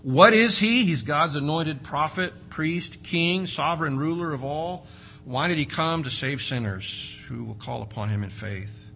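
Male preacher, fairly high and bright, dynamic emphatic sermon. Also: unhurried, creaky, a little hiss or hum. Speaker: pastor.

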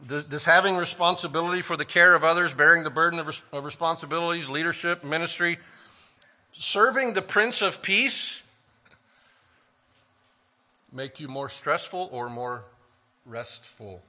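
Bright-voiced man preaching a sermon. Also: a little high. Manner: earnest, emphatic preaching with rhetorical questions; slows down to stress key phrases. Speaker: pastor.

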